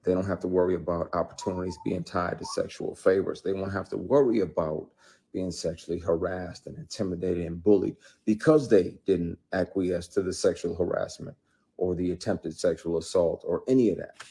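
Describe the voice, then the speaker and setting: A man's voice: sits low, fairly even intonation, normal speed, dark tone. A middle-aged man speaking candidly about his work as an actor, blunt and emphatic, with plenty of profanity and rising intensity. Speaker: actor telling his story. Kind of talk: candid conversational interview.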